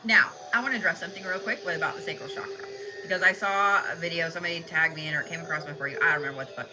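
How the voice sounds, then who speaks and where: A woman's voice: lowish voice, fast talker, poor audio. Profane, blunt woman reading tarot over music. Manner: blunt and profane, talks straight to viewers. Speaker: tarot card reader. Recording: loud music behind the voice.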